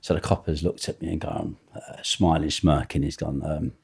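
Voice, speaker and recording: A middle-aged man, a podcast guest telling animated stories full of swearing. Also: rumbling low, moderate pace, creaky, breathy edge. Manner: animated, swearing, acts out other people's voices. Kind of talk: storytelling anecdote.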